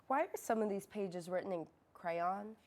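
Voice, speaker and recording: An actress playing a therapist who questions her patients in a measured, dry and probing way, in a comedic student film. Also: medium pitch, a little mellow, natural voice. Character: patient, increasingly exasperated woman therapist.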